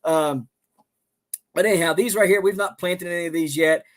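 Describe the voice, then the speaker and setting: Speaking at a normal pace in a high-pitched voice, a Southern man hosts a homestead livestream. He chats casually in a rambling, folksy way, dropping plenty of ums and uhs.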